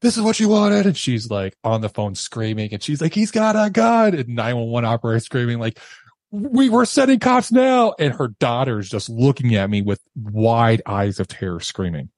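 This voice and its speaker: A man's voice: fairly low pitch, a little mellow, dry recording. A man in his thirties, a podcast guest, telling a harrowing personal story with emotion and acting out the voices of others. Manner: emotional, acts out quoted voices, laughs nervously.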